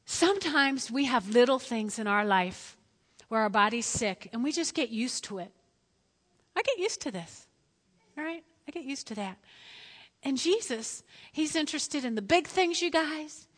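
A woman preaching a lively sermon, telling Bible stories and acting out the quotes herself. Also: high-pitched, moderate pace, in a large hall. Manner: animated storytelling, acting out quotes.

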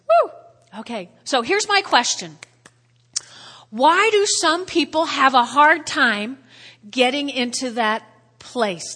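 Emotional woman pastor preaching in a hall. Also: fairly high pitch. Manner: emotional, swings from shouts to whispers. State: tearful at times. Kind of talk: sermon. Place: church hall. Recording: long hall reverb.

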